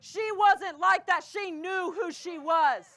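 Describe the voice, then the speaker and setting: A woman with a Canadian accent preaching a sermon in a church, swinging between impassioned shouting and a hushed, low delivery. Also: slow. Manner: impassioned preaching, often shouting, then dropping to a hush. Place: church sanctuary.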